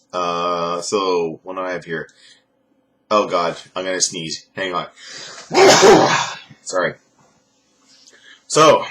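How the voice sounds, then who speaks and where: A young man rambling sarcastically as he recaps a reality show, mocking people in high put-on voices. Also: sharp tone. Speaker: reviewer. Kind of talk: casual recap commentary.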